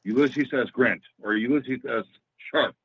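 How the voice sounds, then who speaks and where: A man's voice: medium pitch, unhurried, slightly rough. A man hosting a casual chat, laid-back and calling his guest "bro". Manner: laid-back, says "bro", short reactions. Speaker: host. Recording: dull lo-fi dry sound.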